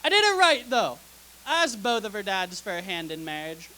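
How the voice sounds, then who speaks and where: A woman's voice: medium pitch, big pitch swings, normal speed, bright, forceful tone, slight background noise, rough recording. A young woman doing a stand-up comedy set on a theater stage, delivering sarcastic, dry punchlines into a stage mic. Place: theater stage before a live audience.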